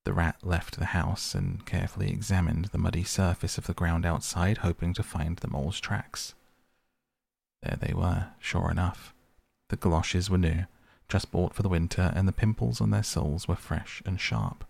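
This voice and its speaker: A man reading a storybook aloud in a measured, expressive narration. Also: deep voice, gravelly, husky, no echo.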